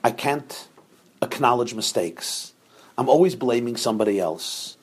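Husky man teaching a Torah class. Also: mid-range voice, animated, a little slow. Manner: explains step by step, often checking with 'right?'.

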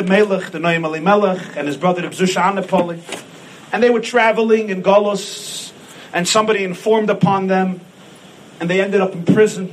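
A rabbi preaching a sermon, telling a story with impassioned rises into shouting on key points. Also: male voice, sits high, a little hiss or hum, rough recording.

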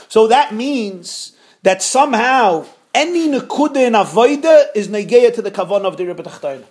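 A man giving an animated Hasidic Torah class, mixing with Hebrew and Yiddish terms. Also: high-pitched.

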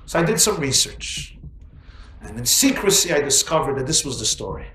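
A man's voice: medium pitch, very animated, moderate pace, bright, forceful tone, echoey room, slight background noise. A man quoting a blunt, practical rabbi's wife. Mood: earnest. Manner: blunt, teasing.

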